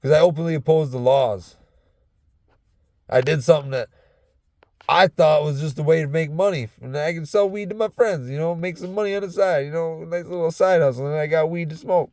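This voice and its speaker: A man's voice: a little high, brisk, darkish tone, no room sound. A man in his truck talking in a loose, rambling monologue, swearing heavily and slipping into a half-faked Southern drawl. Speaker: vlogger.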